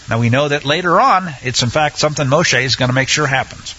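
Man, Bible teacher, bright husky voice, chatty and halting, dull lo-fi recording. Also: medium pitch. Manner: conversational, with halting fillers and restarts.

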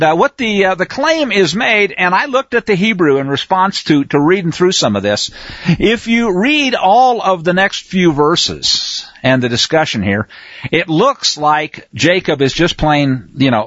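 A man with a high, lively voice leads a scripture lesson in a relaxed, conversational way, pausing to check that his listeners are following. His voice has a husky edge. The recording is dull and lo-fi, with a dry sound. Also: no echo. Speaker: Bible study teacher.

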